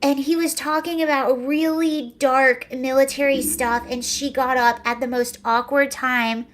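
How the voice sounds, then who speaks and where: A woman's voice: sits high, steady tone, measured pace, a bit bright. A young woman hosting a casual livestream, chatting sarcastically, laughing often and answering viewer comments. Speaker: livestream host.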